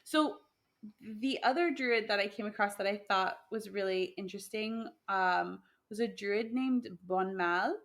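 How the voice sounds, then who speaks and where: Woman on a podcast, chatty, laughs a lot, lots of ums and restarts, middle pitched. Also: moderate pace, a bit bright. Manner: chatty, laughs often, many fillers and restarts. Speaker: podcast co-host sharing myths. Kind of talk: casual conversational chat.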